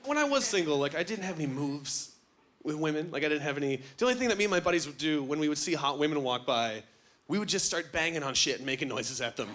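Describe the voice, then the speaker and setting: A young man doing a stand-up comedy set on a club stage, animated and self-mocking, acting out voices, with an audience laughing loudly. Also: fairly high pitch, fast talker, very noisy.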